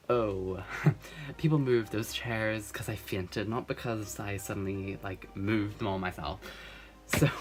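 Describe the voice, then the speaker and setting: A teenage boy telling a rambling storytime, laughing often and saying "like" a lot. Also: lowish voice. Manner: giggly, rambling, lots of "like". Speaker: vlogger. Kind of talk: casual storytime chat.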